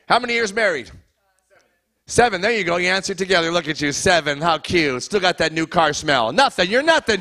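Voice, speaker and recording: Middle-aged comic guy working the crowd, high voice, raspy edge, riffing at a church gig. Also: bright, forceful tone. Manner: crowd work, teasing the audience. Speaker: stand-up comedian. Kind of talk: stand-up comedy routine. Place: church hall before a live audience.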